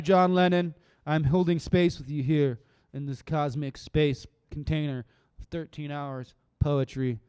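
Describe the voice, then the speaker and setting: A man performing his own poetry on a live stream, chanting lines slowly and swinging from loud declaiming to quiet, rambling asides. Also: fairly high pitch, clear, resonant tone, no room sound, clean studio sound. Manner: rambling and laid-back between poems.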